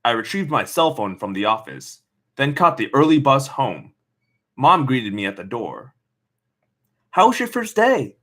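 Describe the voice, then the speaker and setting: A man reads a novel aloud, stopping often to mock the text in a lively, animated voice. His pitch sits in an ordinary middle range. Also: normal speed. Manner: sarcastic comments on the text. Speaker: reader. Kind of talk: reading a novel aloud with asides.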